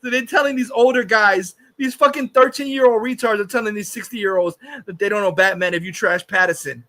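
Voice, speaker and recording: High bright-voiced ranting man. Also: fairly even intonation, brisk. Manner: profane, insulting, heated. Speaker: livestream host. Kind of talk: casual profane rant.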